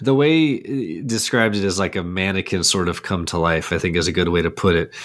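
A man's voice: sits low, brisk, background noise. A man co-hosting a movie podcast, chatting casually and describing scenes step by step, laughing often. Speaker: podcast co-host.

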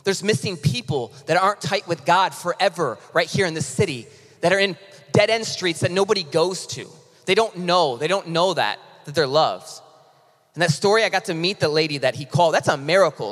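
A man preaching as pastor in a casual, impassioned sermon that swings between loud and hushed, with frequent restarts. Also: a little high, expressive, a little fast. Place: church sanctuary. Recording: long reverb of a large hall.

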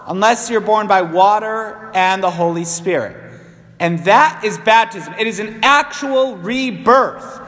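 A man's voice: high-pitched, measured pace, a bit bright, in a large hall. A man in his thirties, a priest, giving a conversational sermon with self-deprecating asides. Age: 30s. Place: church.

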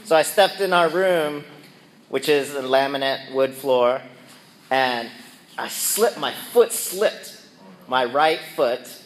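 A man's voice: medium pitch, slow, a little hiss or hum. A middle-aged man casually telling a personal story and acting out his own yelps and quoted lines. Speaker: speaker sharing a personal reflection.

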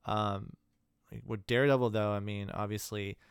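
A man's voice: on the low side, steady tone, normal speed, smooth, no room sound, studio quality. A man co-hosting a podcast, talking in a loose, rambling way with lots of fillers. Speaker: podcast co-host. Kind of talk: casual chat.

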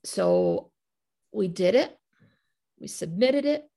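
Middle-aged woman, chatty podcast guest, animated storyteller, mid pitch. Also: takes it slowly, vocal fry, breathy edge. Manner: animated, retells conversations in quoted voices, laughs often. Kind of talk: casual podcast interview storytelling.

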